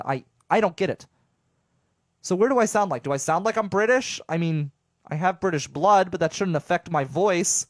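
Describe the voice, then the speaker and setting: A man's voice: on the high side, moderate pace, no room sound, clean studio sound. A young man from southwestern Pennsylvania hosting his own show, talking casually and animatedly to listeners, rambling with jokes and stammered restarts. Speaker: radio show host. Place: home studio.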